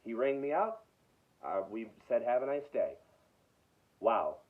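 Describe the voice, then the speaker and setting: A man's voice: medium pitch, sing-song, measured pace. Exasperated man ranting, tinny sound. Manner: exasperated, repeats himself. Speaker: video host. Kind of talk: casual ranting story.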